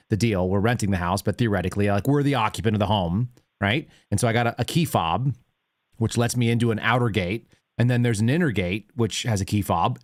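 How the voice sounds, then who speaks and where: A man's voice: mid-range voice, dry recording, clean studio sound. A man in his thirties hosting a call-in show, telling an angry story in a loose, ranting way. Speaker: host. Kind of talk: casual call-in show chat.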